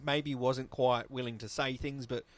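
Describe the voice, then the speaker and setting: A man's voice: medium pitch, fairly even intonation, measured pace, no echo. A man, co-hosting a casual podcast chat, talking at length in a rambling, loose way and swearing casually. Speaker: podcast co-host.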